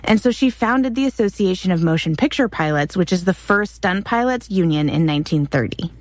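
A woman's voice: on the low side, fairly quick, dry recording. A woman co-hosting a history podcast, telling the story with open enthusiasm. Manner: enthusiastic, animated. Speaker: podcast co-host.

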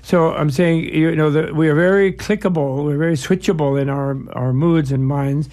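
A man's voice: a little high, fairly even intonation, moderate pace, a little mellow. A man as an interview guest, explaining ideas in a discursive, digressive way with playful analogies. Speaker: guest, Buddhist scholar.

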